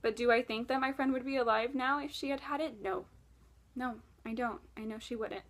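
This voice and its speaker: A woman vlogger telling a personal story in an emotional, earnest way, swinging between loud outbursts and hushed moments. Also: fairly high pitch, fairly even intonation, fairly quick. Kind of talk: confessional storytelling vlog.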